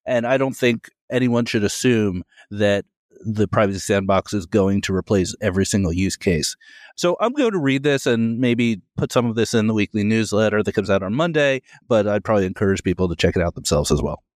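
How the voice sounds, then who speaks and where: A man hosting a podcast, summing up points in a brisk, plain-spoken way. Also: on the low side, animated, dry recording, studio quality. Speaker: podcast host. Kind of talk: casual interview chat.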